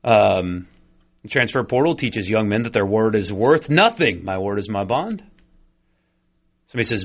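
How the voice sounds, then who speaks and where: A man's voice: fairly low pitch, lively intonation, normal speed, pauses often. A man hosting a sports radio show, chatty and opinionated, with frequent fillers. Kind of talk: casual sports talk radio. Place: radio studio.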